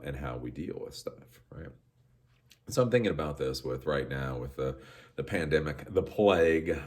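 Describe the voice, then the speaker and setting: Man, very low voice, animated swings in pitch, rambling casual podcast monologue. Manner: rambling, animated storytelling with frequent restarts and laughs. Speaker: podcast host.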